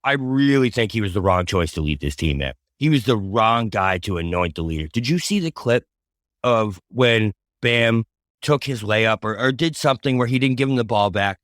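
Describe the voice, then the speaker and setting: A man's voice: fairly low pitch, lively intonation, normal speed, fairly bright tone, no echo, clean studio sound. A man co-hosting a casual sports podcast, talking earnestly and rambling through his opinions. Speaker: podcast co-host.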